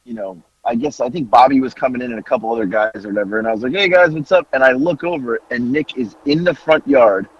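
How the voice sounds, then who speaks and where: A man in his forties, a podcast co-host, telling a story in casual chat and acting out the quotes with big jumps in pitch. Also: fast talker, hardly any pauses, breathy edge. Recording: dull lo-fi audio.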